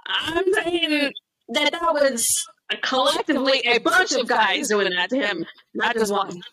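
Lively laughing woman podcast co-host. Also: sits high, a little slow, low-quality recording. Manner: animated, laughs often, acts out quotes. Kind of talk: casual chat recapping wrestling shows.

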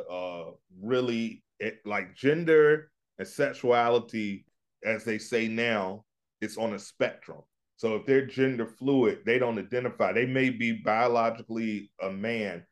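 Laid-back middle-aged man telling stories. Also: on the low side. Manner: laid-back storytelling, acts out his own lines in put-on voices. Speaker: podcast co-host. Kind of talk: casual chat.

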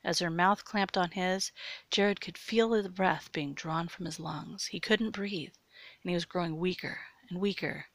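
Woman reading an erotic audio story, low gravelly voice, dry close sound. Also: unhurried, dry recording. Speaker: narrator.

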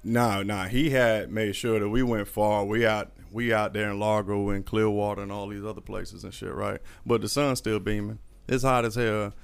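A man's voice: on the low side, normal speed, gravelly, hardly any pauses, clear, resonant tone. Guy telling a wild story, cussing a lot, laughing, chill podcast chat. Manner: animated, profane, laughing often. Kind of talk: casual storytelling.

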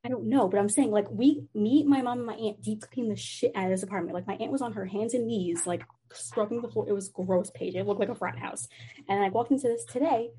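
A young woman tells a story over a video call, animated and full of "like" and swearing. She talks quickly, and her voice is a little breathy and husky. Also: mid-range voice. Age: young adult.

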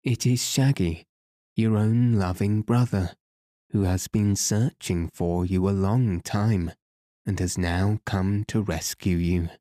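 A man's voice: low-pitched, steady tone, slow, warm tone, dry recording, studio quality. A man voicing an earnest, anxious grown man in a storybook who has been searching for his lost brother.

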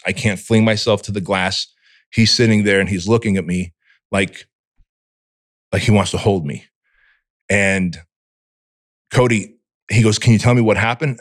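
A man from Armenia, appearing as a podcast guest, tells a candid personal story in a fairly low voice, blunt and full of cursing. He acts out the voice in his own head as he goes. The sound is dry and close, with no room echo.

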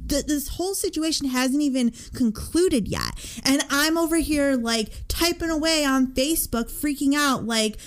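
A young woman in her twenties co-hosting a podcast, telling a story in a casual, animated way, with lots of swearing and "like" fillers. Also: high voice, moderate pace, hardly any pauses. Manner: animated, profane, many "like" fillers. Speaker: podcast co-host.

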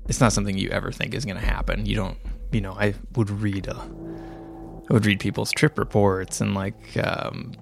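Gravelly low-voiced man recounting a story. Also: level tone, music in the background. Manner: halting, many restarts and fillers. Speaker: interviewee telling his story. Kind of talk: reflective storytelling.

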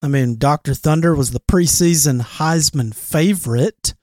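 A man's voice: a little high, unhurried, darkish tone, no room sound, clean studio sound. A man co-hosting a casual sports podcast, talking loosely with profanity and frequent laughs. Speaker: podcast co-host.

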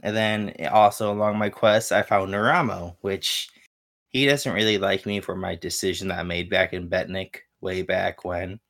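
A man's voice: sits low, fairly even intonation, moderate pace, a bit bright. A man co-hosting a casual gaming podcast, laid-back and hesitant, full of fillers as he recounts his play. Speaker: podcast co-host.

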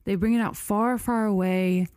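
A woman hosting a podcast, telling a story in a casual chatty way, full of "like" and "you know" and quick laughs. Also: medium pitch, fairly even intonation, a little mellow, clean tone, no echo, studio quality. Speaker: podcast host.

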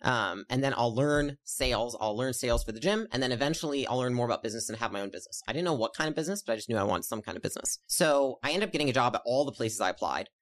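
A young woman, an entrepreneur guest, chatting casually and telling her story in quick, rambling sentences full of fillers. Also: a bass voice, expressive. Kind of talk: casual interview chat.

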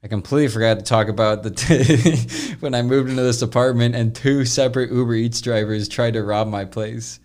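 A young man hosting a podcast, casually telling a long story, rambling and animated, with frequent swearing. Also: medium pitch, fairly quick, few pauses. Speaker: podcast host.

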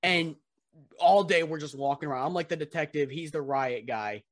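A man's voice: fairly high pitch, moderate pace, no room sound, clean studio sound. A young man co-hosting a podcast, telling stories in a rambling, swearing, laugh-filled way. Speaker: podcast co-host. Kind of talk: casual podcast chat.

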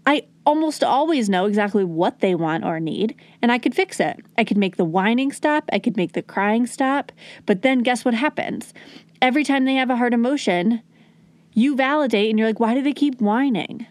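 A woman's voice: fairly high pitch, animated, moderate pace, dry recording. A woman hosting a parenting podcast, talking earnestly and coaching, at times acting out soothing words to a child. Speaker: podcast host and parenting educator. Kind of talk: conversational teaching talk.

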